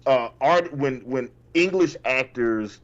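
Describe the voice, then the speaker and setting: A man co-hosts a casual podcast, joking and slipping into voices as he tells stories. His voice sits at an ordinary middle pitch. The sound is slightly dull and lo-fi. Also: animated, slow. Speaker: podcast co-host. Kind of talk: casual chat.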